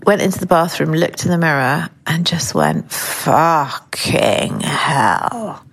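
A woman's voice: low voice, normal speed. Candid middle-aged woman, podcast co-host. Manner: candid, swears freely, animated storytelling. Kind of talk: casual chat.

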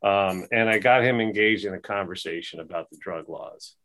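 A man's voice: low voice, moderate pace, sharp tone. A man guest on a podcast, telling a long story casually with many fillers and restarts.

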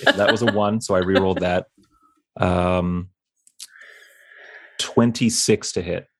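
A young man playing a tabletop game, describing his moves in a relaxed, easygoing way. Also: low-pitched, takes it slowly. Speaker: player. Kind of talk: casual tabletop play.

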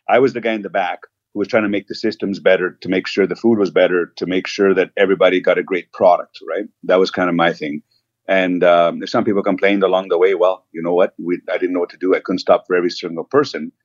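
A man's voice: sits low, fast talker, no room sound, lo-fi sound. A man, a restaurant owner, telling rambling stories with lots of asides as a guest in a casual interview. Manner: rambling, animated storyteller, many asides.

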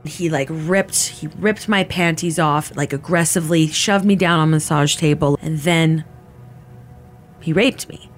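A woman's voice: sits low, steady tone, unhurried, soft background music. A woman giving an emotional personal testimony in a casual, filler-heavy way, acting out what people said. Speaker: interviewee recounting her assault.

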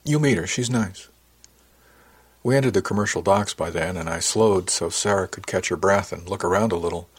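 A man reading a first-person audiobook with a low-pitched, husky voice. His delivery is easygoing and conversational, like someone chatting through his own story. The tone stays relaxed and even. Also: brisk, few pauses. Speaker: audiobook narrator.

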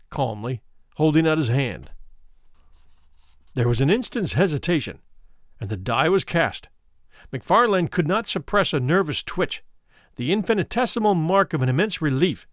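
A man narrating a classic story as an audiobook, in an expressive, dramatic way. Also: fairly high pitch, normal speed, dry recording, studio quality.

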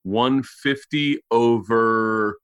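A man chatting as a guest, telling a story in an animated, profane way. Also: mid-range voice, drawn-out words, smooth, no room sound. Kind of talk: casual remote chat.

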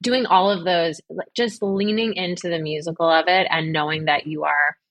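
A woman's voice: fairly low pitch, fairly even intonation, moderate pace, fairly bright tone, dry recording. A woman chatting as a podcast guest, enthusiastic and articulate, gushing about work she admires. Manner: enthusiastic, effusive. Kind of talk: casual interview chat.

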